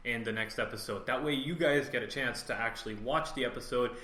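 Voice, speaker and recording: A man's voice: medium pitch, a little fast, bright, forceful tone, roomy sound. A man co-hosting a casual film podcast, talking in a laid-back way and swearing freely. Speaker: podcast co-host. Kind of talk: casual chat.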